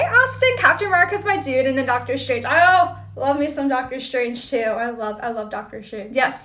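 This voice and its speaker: A woman's voice: high voice, a bit bright. A woman hosting a casual livestream chat, greeting viewers and reading their comments in a bubbly, exclamatory way. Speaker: livestream host.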